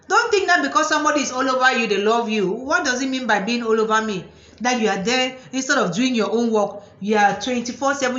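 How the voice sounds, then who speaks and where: A lively woman psychotherapist and motivational speaker talks to the camera about relationships in a fairly high voice, animatedly mocking the controlling partners she describes. The room is echoey and the sound a little dull.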